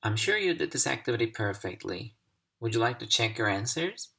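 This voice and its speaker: A man whose first language is Turkish, teaching a recorded English pronunciation lesson in a deliberate, clearly articulated manner. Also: medium pitch, big pitch swings, a bit bright. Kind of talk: instructional video lesson.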